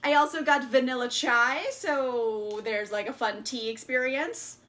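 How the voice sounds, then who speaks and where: A woman's voice: high-pitched, fairly even intonation, measured pace, fairly bright tone. A woman vlogger casually chatting through a book haul, bubbly and giggly, with lots of fillers.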